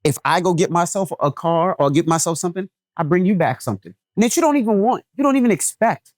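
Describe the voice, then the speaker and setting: A man's voice: high voice, lively intonation, quick pace, darkish tone, dry recording, studio quality. A man co-hosting a podcast in casual chat, telling stories emphatically and checking in with "right?". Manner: emphatic storyteller, keeps asking "right?". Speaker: podcast co-host.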